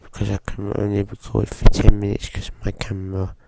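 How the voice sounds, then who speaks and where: A man with a groggy voice from a cold, giving slow, hesitant casual commentary while playing a driving game. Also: lowish voice, completely flat delivery, gravelly, heavy background noise. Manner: slow, hesitant, with frequent fillers. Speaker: gaming channel host.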